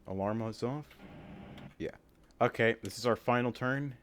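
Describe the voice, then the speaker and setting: A man casually talking through a flight simulator game, thinking aloud with many pauses and filler words, and breaking into sudden excited outbursts. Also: medium pitch, slight background noise. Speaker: flight sim gamer. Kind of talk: casual gameplay commentary.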